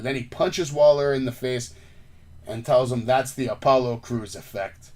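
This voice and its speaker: A man hosting a casual wrestling podcast, recapping a show with lively, shifting delivery and handing off to his co-host. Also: mid-range voice, moderate pace. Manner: animated, recaps show events and asks co-host for grades.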